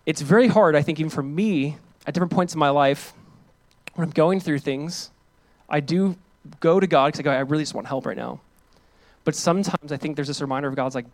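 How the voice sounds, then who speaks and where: A male pastor giving a sermon. He talks casually to the congregation and reads scripture aloud with loud, rising emphasis. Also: fairly high pitch, moderate pace. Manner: calls on the congregation to join in.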